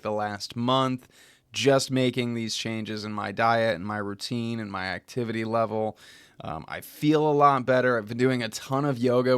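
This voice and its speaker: Using a desk microphone, a young man from the United States chats loosely with viewers during a beer-tasting live stream at home, swearing casually and trailing off partway through sentences. His voice is mid-range, fairly bright and smooth, with clean studio quality and no echo.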